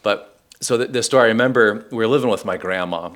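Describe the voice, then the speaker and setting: A man's voice: lowish voice, quick pace, fairly bright tone. A middle-aged man hosting a podcast, speaking reflectively in casual conversation and telling personal stories. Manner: reflective storyteller, acts out quoted voices. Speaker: podcast host.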